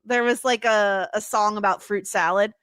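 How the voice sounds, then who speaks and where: A woman's voice: medium pitch, normal speed, clean tone, dry recording, clean studio sound. A woman from the United States co-hosting a podcast in casual chat, laughing often. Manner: chatty, laughing, lively asides. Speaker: podcast co-host.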